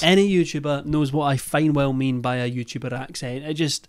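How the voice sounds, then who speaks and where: A man's voice: mid-range voice, fairly even intonation, a little fast, clean tone. A Scottish man giving casual reaction commentary, incredulous and joking and swearing freely. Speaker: YouTube commentator.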